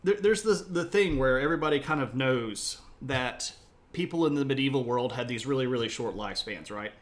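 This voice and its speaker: A man's voice: medium pitch, brisk. Chatty man streaming history. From United States (South Mississippi). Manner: chatty, self-described opinionated, rambling asides. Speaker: history livestream host. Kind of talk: casual livestream chat and history talk.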